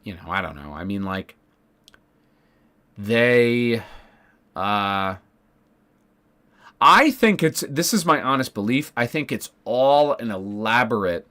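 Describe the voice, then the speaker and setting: A man's voice: medium pitch, very animated, slow pace, long pauses, sharp tone. Rambling man ranting on a livestream. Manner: rambling, restarts often, swears. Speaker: political streamer. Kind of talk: casual livestream rant.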